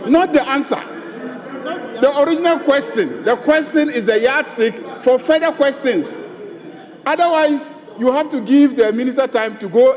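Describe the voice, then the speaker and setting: A man's voice: very high-pitched, darkish tone. A man, the majority leader, lecturing on the rules and repeating his point in a parliamentary debate. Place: large parliament chamber. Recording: long reverb of a large chamber.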